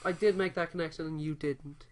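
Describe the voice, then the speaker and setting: Animated podcast co-host telling scenes. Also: medium pitch, brisk. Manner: animated storyteller, acts out characters' lines. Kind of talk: casual film review chat.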